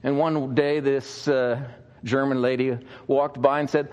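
A man's voice: mid-range voice, flat delivery, a little slow, a little mellow. A male pastor preaching a sermon, telling stories conversationally with frequent fillers.

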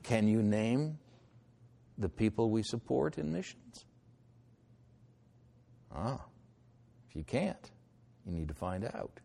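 A middle-aged man preaching a sermon, moving between loud declarations and hushed, pleading lines. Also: lowish voice, gravelly. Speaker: pastor.

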